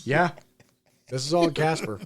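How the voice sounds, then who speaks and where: A man's voice: a little high, normal speed. A man co-hosting a podcast from Wyoming, bantering crudely, swearing and laughing at online ads. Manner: profane, laughing, mocking. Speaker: podcast co-host.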